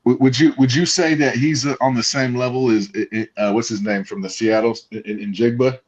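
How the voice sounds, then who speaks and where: A man's voice: medium pitch, fairly even intonation, a little fast, slightly rough. A man on a casual sports podcast, chiming in with short remarks and stammering questions, on dull lo-fi call audio.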